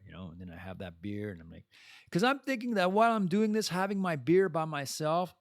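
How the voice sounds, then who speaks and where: A man's voice: on the high side, expressive, quick pace, no room sound, studio quality. A French-speaking man hosting a podcast, talking candidly and bluntly in a personal monologue and swearing freely. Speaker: podcast host.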